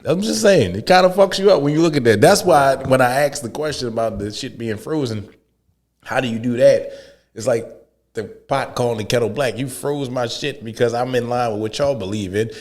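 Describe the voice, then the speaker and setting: A man's voice: medium pitch, fairly quick, a little mellow. A man co-hosting a podcast in casual chat, blunt and joking as he rants. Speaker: podcast co-host. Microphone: headphones and podcast mic.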